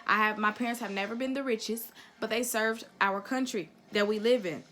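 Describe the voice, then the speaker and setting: A woman's voice: on the high side, fairly quick, fairly bright tone. A young woman vlogger giving a heated, profane opinion rant straight to camera, blunt and emphatic.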